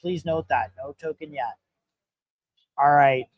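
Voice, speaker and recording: A man hosting a casual live-stream interview at a hackathon event, upbeat and chatty with quick reactions. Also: on the high side, dull audio. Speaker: host.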